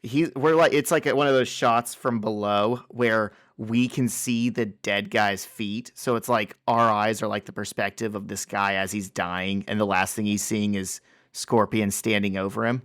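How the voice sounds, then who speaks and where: A male podcast co-host with a somewhat low voice, chatting casually and reacting with relaxed enthusiasm. He is recorded close to the mic in a dry sound. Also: normal speed, no echo.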